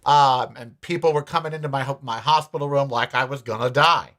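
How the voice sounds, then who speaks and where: A man's voice: medium pitch, a little fast, hardly any pauses, pushed and bright. An American man hosting a show, telling a personal story and ranting bluntly with profanity. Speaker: host. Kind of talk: opinionated monologue.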